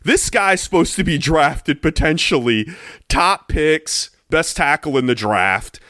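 Animated man with a higher voice. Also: slow, dry recording, clean studio sound. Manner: blunt, swears freely, animated. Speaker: podcast co-host. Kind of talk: casual chat.

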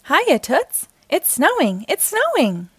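A woman's voice: sits high, very animated, normal speed, dry recording, pitched above the performer's own voice. A woman voicing a bubbly, playful young girl in a storybook read-aloud. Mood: excited. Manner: bubbly and exclaiming.

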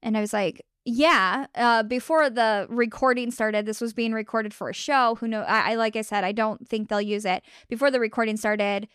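A young woman casually retelling a story on a podcast, animated and laughing often as she acts out what people said. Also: on the high side, moderate pace, few pauses, smooth, no room sound, clean studio sound. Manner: animated retelling with frequent laughs and acted quotes. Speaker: podcast host.

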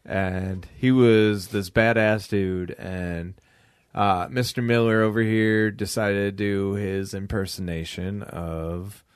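A man's voice: lowish voice, clear, resonant tone, dry recording, studio quality. A young man co-hosting a podcast in casual chat, rambling with fillers and swearing as he laughs. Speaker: podcast co-host.

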